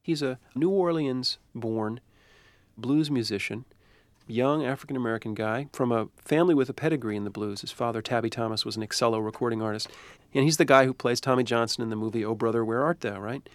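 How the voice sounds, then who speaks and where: A man's voice: mid-range voice, a little fast, dry recording. A man, a university professor, answering interview questions in a thoughtful, discursive way.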